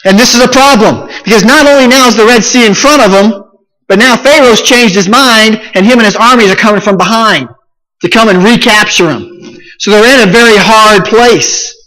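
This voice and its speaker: A male pastor giving a sermon, retelling the story in lively everyday words and repeating key phrases for emphasis. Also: high voice, normal speed, in a large hall, low-quality recording.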